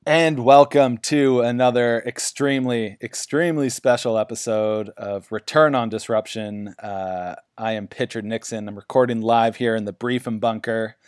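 Casting: male podcast host, over-eager, filler-heavy, middle pitch, dry recording. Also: steady tone, normal speed, hardly any pauses, clean tone, dry recording. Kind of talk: parody business podcast chat.

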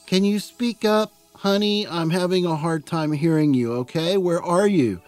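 A man's voice: high voice, normal speed, darkish tone, no echo, soft background music, voice pushed up, close to an everyday voice. A man voicing a worried, affectionate middle-aged foster mother on the phone, with a fussy, doting manner. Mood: fussing mother. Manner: fussy, affectionate, calls him honey.

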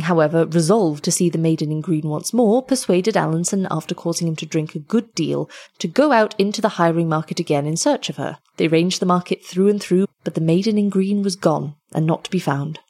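Storyteller, female, low breathy voice, measured and expressive reading of an old tale.

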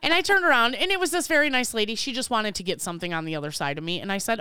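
A woman's voice: on the high side, big pitch swings, quick pace, bright, forceful tone, clean tone, dry recording, clean studio sound. A woman co-hosting a casual podcast, talking bluntly, laughing and swearing offhandedly. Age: adult, married. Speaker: podcast co-host. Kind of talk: casual chat.

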